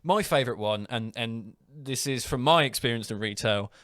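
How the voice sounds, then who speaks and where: A man's voice: medium pitch, moderate pace, fairly bright tone, no room sound, studio quality. A young man hosting a casual podcast, rambling through anecdotes and laughing often. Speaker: podcast host. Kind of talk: casual chat.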